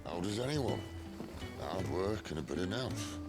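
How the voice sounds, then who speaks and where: An actor playing a wry middle-aged outlaw leader in a video game, easygoing and dry. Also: male voice, sits low, big pitch swings, unhurried, full character voice. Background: game music.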